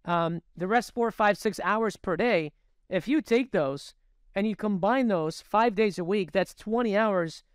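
Man, high voice, smooth and clear, dry close sound, swearing podcast chat. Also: a little slow, no echo. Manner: profane, animated storytelling. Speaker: podcast co-host.

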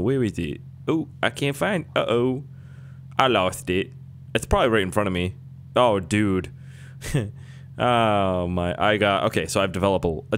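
A man's voice: lowish voice, fairly bright tone, a little hiss or hum. A young man giving joking, rambling gameplay commentary as a video host, trailing off and interrupting himself. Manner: rambling, jokey, self-interrupting. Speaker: gaming YouTuber.

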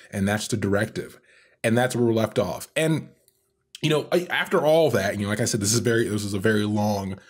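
A man co-hosting a podcast, chatty and jokey while discussing a game's story. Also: breathy edge. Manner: chatty and jokey, lifting his pitch for punchlines. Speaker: podcast co-host. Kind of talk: casual lore discussion.

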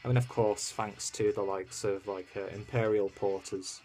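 A man's voice: on the low side, steady tone, moderate pace, a little mellow, soft background music. A man from the UK, casually reviewing a beer in a rambling, easygoing way full of fillers. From United Kingdom. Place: at home in Germany.

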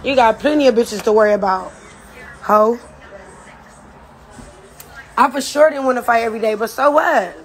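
Woman, high voice, profane taunting rant, laughing, direct to camera. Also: normal speed, pauses often, slight background noise. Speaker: reality show cast member.

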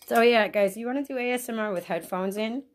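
A woman's voice: a little high, quick pace, a little hiss or hum. A sick woman making a casual ASMR video at home, chatting and getting distracted by her pet bird. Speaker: ASMR vlogger.

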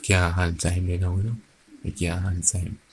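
A man chatting quietly to his phone camera, keeping his voice down. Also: sits low, completely flat delivery, a little fast, noisy background. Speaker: vlogger. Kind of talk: casual chat to camera.

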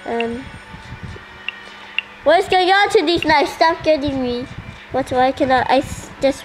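High-voiced, excitable female gamer. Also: unhurried, soft background music, poor audio. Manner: excitable, full of surprised questions. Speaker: gaming channel host. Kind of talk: casual gameplay commentary.

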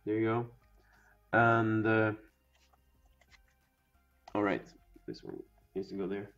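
A young man casually narrating as he opens card packs, rambling and swearing, and sometimes bursting into loud excitement. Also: on the low side, slow pace. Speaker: pack-opening video host. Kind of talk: casual card-opening commentary. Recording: dull lo-fi sound with faint music.

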